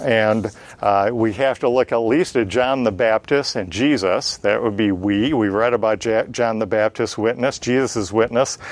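Man, Bible teacher, plain-spoken, explanatory, medium pitch, lots of "uh". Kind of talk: Bible study lesson.

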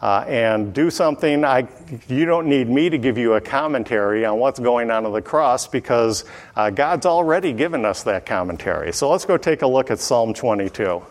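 Male Bible teacher, mid-pitched, unhurried verse-by-verse delivery, heavy hall reverb. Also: animated. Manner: unhurried, frequent uh fillers and throat clearing.

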